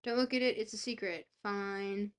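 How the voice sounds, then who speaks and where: A young woman streaming a geography guessing game, reacting excitably, swearing freely and talking to her chat. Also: mid-range voice, normal speed, slight background noise. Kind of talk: casual live-stream chat while playing a geography game.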